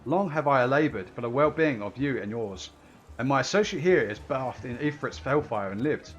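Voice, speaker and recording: A man's voice: medium pitch, animated, moderate pace, muffled recording, faint music behind, lightly acted. A man reading game lines aloud, voicing an earnest young scholar who speaks formally and solemnly.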